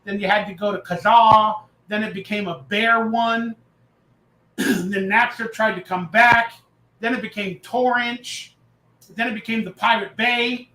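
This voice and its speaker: A man hosting a casual live reaction stream, talking loudly and excitably, reading and answering chat messages as he goes. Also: sits high, unhurried, roomy sound, poor audio. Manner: loud, excitable, reads chat aloud.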